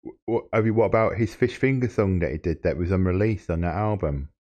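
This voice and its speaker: This is a young man with a lowish voice and cheeky, mock-serious banter. He drifts easily between a prank call and a casual plug for his channel. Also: a little fast, darkish tone, dull audio. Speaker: prank caller and channel host.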